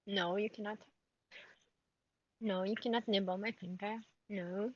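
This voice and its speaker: A woman's voice: medium pitch, steady tone, measured pace, slight background noise. A woman streaming live, chatting to her cat in a giggly, baby-talking way. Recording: dull lo-fi stream audio.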